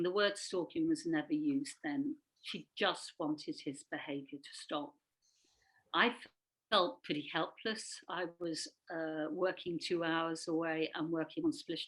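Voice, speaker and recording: A woman speaking at a webinar, telling a personal account in a halting way, with many pauses, fillers and restarts. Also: deep voice, fairly bright tone, poor audio. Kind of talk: personal testimony.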